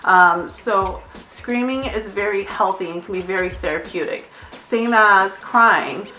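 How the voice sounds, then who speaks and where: A woman's voice: medium pitch, measured pace, sharp tone, reverberant, distant mic, slight background noise. A young adult woman, a nurse, giving candid, chatty advice in a casual vlog, now and then glancing at notes and swearing lightly. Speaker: nurse vlogger.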